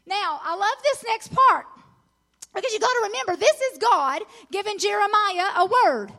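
Middle-aged woman preaching at a women's conference, really high voice, earnest and encouraging, gets fired up over scripture. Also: moderate pace. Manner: earnest, encouraging, rising to excited emphasis on scripture. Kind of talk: sermon.

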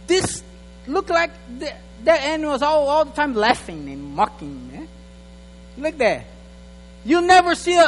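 A male pastor delivers a sermon in a very high voice, slowly and deliberately, in English that is not his first language. He often stumbles and repeats words as he talks. His voice rings out with a long hall reverb. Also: fairly bright tone. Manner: halting, repeats words, non-native phrasing, talks to an assistant.

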